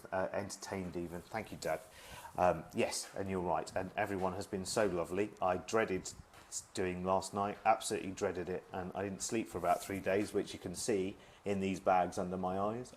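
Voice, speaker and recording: A man's voice: low voice, a little hiss or hum. A middle-aged man chatting at home on a live video stream, reading out viewer messages in a friendly, self-deprecating way. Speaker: former shopping channel presenter.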